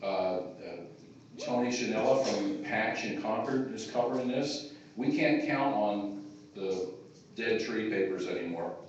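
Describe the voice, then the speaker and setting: A man's voice: lowish voice, a little slow, lo-fi sound, a little hiss or hum. A man giving an informal, rambling speech to a gathering, with many filler words. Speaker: chairman of a taxpayers' group giving a speech. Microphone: phone in the audience. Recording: echoey hall captured from far off on a phone.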